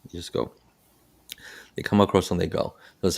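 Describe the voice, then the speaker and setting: A middle-aged man with a deep, low-pitched voice hosts a casual podcast about his work as a bus operator. He tells road stories in an animated way, stumbling and restarting his sentences as he goes. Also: moderate pace, vocal fry. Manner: animated storytelling with frequent restarts.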